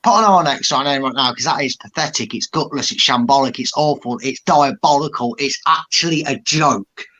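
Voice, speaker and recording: A man's voice: medium pitch, a little fast, hardly any pauses, a bit bright. A man giving a blunt, exasperated, sweary rant about his team's performance. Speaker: football fan pundit. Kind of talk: angry fan rant.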